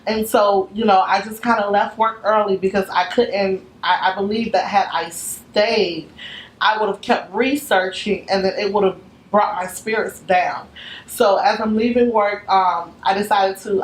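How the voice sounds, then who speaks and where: A woman in her twenties telling a personal faith story as an interview guest, earnest, slipping into her mother's voice when she quotes her. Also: mid-range voice. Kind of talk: testimony interview. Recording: echoey room, faint background noise.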